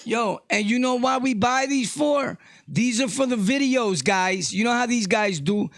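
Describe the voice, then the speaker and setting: A middle-aged man with a New York accent, ranting casually to his viewers, loud one moment and low the next. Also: measured pace, dry recording, clean studio sound. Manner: loud, shifting between shouting and low talk. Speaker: vlogger. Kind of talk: casual rant to camera.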